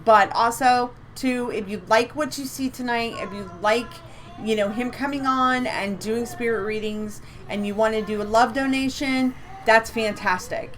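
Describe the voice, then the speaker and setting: A woman's voice: a little high, fairly even intonation, moderate pace, a bit bright. A woman co-hosting a live psychic reading stream from home, chatty and upbeat, repeating words for emphasis. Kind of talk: casual live-stream chat.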